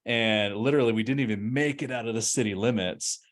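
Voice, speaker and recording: Man in his thirties, restaurant consultant, lively conversational webinar delivery. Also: medium pitch, a little fast. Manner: energetic, conversational storytelling. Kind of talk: webinar presentation.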